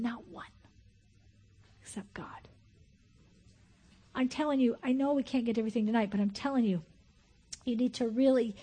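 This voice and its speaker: A high-voiced woman in her fifties delivers a sermon with a husky, breathy edge. She shifts from loud excited outbursts to near-whispered intimacy. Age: 50s. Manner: swings from loud excited exclamation to hushed whispering, laughs often. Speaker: preacher.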